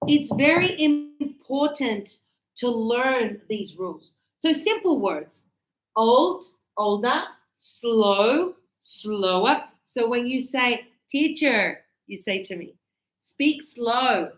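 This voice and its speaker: Slow, deliberate woman teaching in an echoey classroom. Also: on the high side, animated. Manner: slow, deliberate, stretching key words. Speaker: English teacher. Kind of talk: classroom grammar lesson.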